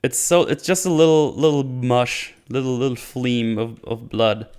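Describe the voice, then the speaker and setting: A man's voice: medium pitch, fairly even intonation, measured pace, a little mellow, clear, resonant tone. A man giving casual spoken commentary as a reviewer, sarcastic and rambling, often breaking into laughter. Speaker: video reviewer.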